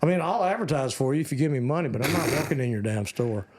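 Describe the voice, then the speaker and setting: Older Texan man spinning animated stories. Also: quick pace. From Texas, USA. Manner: animated, drawling storyteller who jumps into high voices for quoted people. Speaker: guest actor. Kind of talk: casual storytelling chat.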